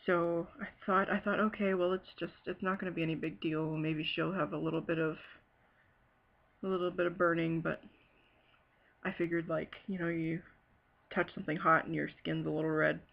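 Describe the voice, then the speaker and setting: A woman from Ohio telling a personal story in a halting, hesitant way, full of fillers and pauses. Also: fairly low pitch, flat delivery, creaky, highs cut off. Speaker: bereaved sister telling her story. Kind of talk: personal testimony.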